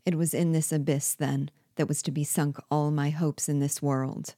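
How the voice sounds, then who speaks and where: A woman reading a novel aloud in a measured, deliberate manner. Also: low-pitched, level tone, dark tone, no echo, studio quality. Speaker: book reader.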